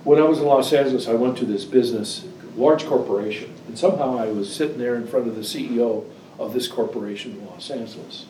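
A man preaching a sermon, telling stories and reading scripture with animated, emphatic delivery. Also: fast, a little hiss or hum. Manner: animated storyteller, rising to high emphatic pitch on scripture. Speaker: pastor. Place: church. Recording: echoey room, distant mic, faint ambience.

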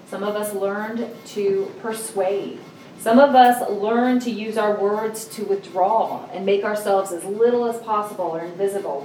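A woman's voice: medium pitch, slight background noise. Woman preaching in a roomy hall. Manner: conversational and animated, acting out scenes with sudden raised voices. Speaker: speaker at a church or ministry talk. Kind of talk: sermon with personal stories. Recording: roomy, distant mic with faint ambience.

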